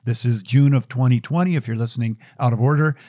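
A man's voice: mid-range voice, fast, warm tone, no echo, studio quality. A middle-aged man hosting a show, telling a personal story in an earnest, reflective way with frequent restarts. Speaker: show host.

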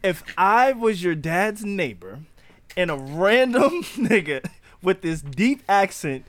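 Male co-host, excitable jokester, very lively pitch. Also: slow pace. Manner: joking, excitable. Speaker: podcast co-host. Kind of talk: casual chat.

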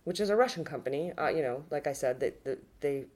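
Casting note: low-pitched woman co-host, animated casual political chat. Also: quick pace. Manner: animated, restarts and swears freely. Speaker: podcast co-host.

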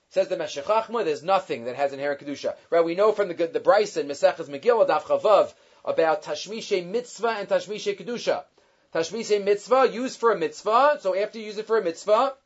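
A man giving a weekly Torah class, quickly reading Hebrew sources and explaining them in English with lively emphasis. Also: high voice, dull audio. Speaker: Torah teacher.

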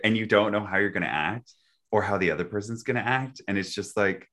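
A man hosting a casual chat, telling a personal story with lots of "like" fillers and an expressive delivery that swings from quiet to loud. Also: on the low side, brisk. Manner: heavy use of filler "like".

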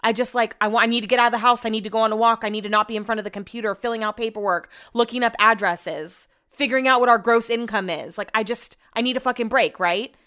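A woman's voice: a little high, fairly even intonation, quick pace, few pauses, pushed and bright, clear, resonant tone. A young woman venting casually in a vlog, exasperated and ranting, swearing freely. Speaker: vlogger.

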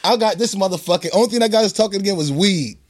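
A man's voice: high voice, very fast. A man co-hosting a podcast, chatting casually and laughing as he jokes back and forth. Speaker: podcast co-host. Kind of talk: casual storytelling chat.

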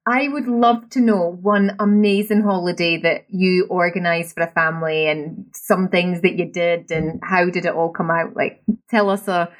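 A woman's voice: on the low side, steady tone, moderate pace. A woman with a Scottish accent hosting an interview, keen and encouraging as she asks open questions. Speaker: interview host. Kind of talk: conversational interview.

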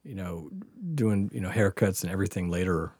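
A man's voice: low-pitched, fairly quick, darkish tone, dry recording, studio quality. A man telling a profane, laughing story in casual chat. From Southern United States.

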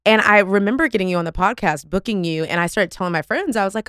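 A woman, hosting a podcast interview in an effusive, animated way with casual slang. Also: medium pitch, fast, few pauses, no room sound, clean studio sound. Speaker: podcast host.

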